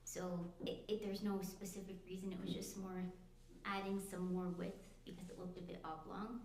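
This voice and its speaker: A woman's voice: on the low side, little pitch movement, normal speed, a little mellow. Breathless young woman speaking to a committee. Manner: apologetic, hesitant, plain-spoken. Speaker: applicant addressing a committee. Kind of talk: informal explanation at a public meeting. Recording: echoey meeting room with faint noise.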